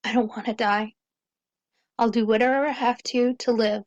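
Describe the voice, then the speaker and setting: A man's voice: very high-pitched, flat delivery, normal speed, no echo, lo-fi sound, pitched above the performer's own voice. A man voicing a frightened young woman held at knifepoint in an audiobook, in a raised, tense, pleading voice. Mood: desperate.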